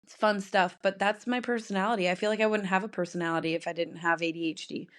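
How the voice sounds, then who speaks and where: A woman's voice: mid-range voice, fairly even intonation, fast, a bit bright. A young woman hosting her own podcast, talking alone in a rambling, chatty way and laughing often. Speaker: podcast host. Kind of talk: casual solo podcast chat.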